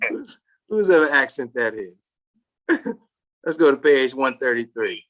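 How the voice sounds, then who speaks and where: A Sabbath class teacher reading a text aloud to a class and commenting on it, speaking haltingly with many restarts and bursts of loud emphasis. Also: mid-range voice, big pitch swings.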